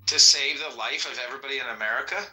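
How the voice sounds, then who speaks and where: A man chatting casually as a podcast co-host, quick to joke and act out comedy bits. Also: mid-range voice, sharp tone, rough recording. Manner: joking, quick, does bits. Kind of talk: casual chat.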